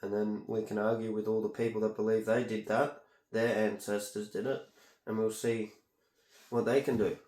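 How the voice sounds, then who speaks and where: In an echoey room, a vlogger grumbles and wanders through a casual monologue as he does an ear-candling treatment on himself. His fairly low voice moves little in pitch, comes at a normal speed, and sounds a little mellow.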